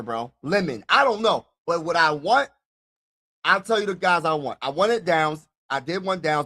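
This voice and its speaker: Hosting a live stream reacting to a draft, a young man talks casually and excitedly right to his viewers, repeating himself. His voice is high.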